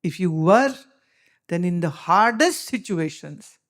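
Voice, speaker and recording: A woman's voice: fairly low pitch, lively intonation, takes it slowly. A woman with an Indian English accent gives a spiritual discourse as a teacher, speaking emphatically and asking pointed rhetorical questions.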